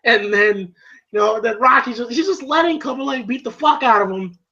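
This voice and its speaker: An excitable man recapping a film for his vlog, swearing freely and leaning on fillers. His voice has a bright, sharp edge. The recording is dull and lo-fi. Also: very high-pitched, moderate pace. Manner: excitable, profane, heavy on fillers. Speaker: film reviewer. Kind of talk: casual film review vlog.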